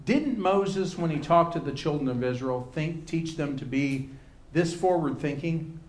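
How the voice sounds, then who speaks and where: A man's voice: a little high, measured pace. Man teaching a Bible class, roomy echo. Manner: conversational, restarts phrases, rising emphasis on key words.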